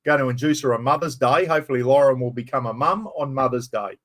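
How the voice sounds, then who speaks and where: Middle-aged Australian bloke hosting a casual live stream, rambling and chatty, greeting viewers by name, in a middle-of-the-road pitch. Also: male voice, fast, fairly bright tone. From far north Queensland, Australia.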